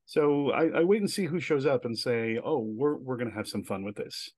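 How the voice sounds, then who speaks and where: A man's voice: mid-range voice, moderate pace, dry recording. Chatty storytelling man, dry close sound. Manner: chatty, animated storyteller with filler words. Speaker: guest, director and writer. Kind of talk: casual storytelling interview.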